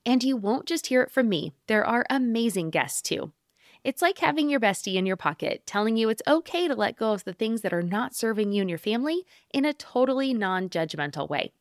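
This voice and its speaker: A woman's voice: fairly high pitch, very animated, a little fast, no room sound. Woman doing a podcast promo, upbeat and friendly, dry close sound. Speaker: podcast host.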